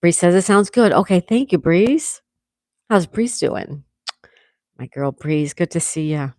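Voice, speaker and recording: A congested woman hosting a relaxed livestream at home, chatting and reading out viewers' comments. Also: on the low side, a little slow, dry recording. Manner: relaxed, chatty, laughs often. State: congested, coughing. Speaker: livestream host.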